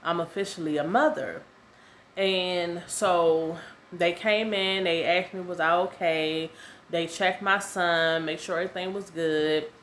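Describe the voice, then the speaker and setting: Young woman, low voice, chatty storytelling, faint background noise. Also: fairly even intonation, a little slow, fairly bright tone. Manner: chatty, repeats herself, lots of "um" and "y'all". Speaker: vlogger. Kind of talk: casual storytelling to camera.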